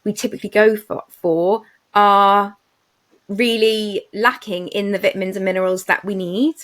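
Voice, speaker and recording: A woman's voice: mid-range voice, fairly even intonation, normal speed, a bit bright. A woman co-hosting a podcast, chatting casually and enthusiastically with lots of fillers and restarts. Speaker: podcast co-host. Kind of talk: casual chat.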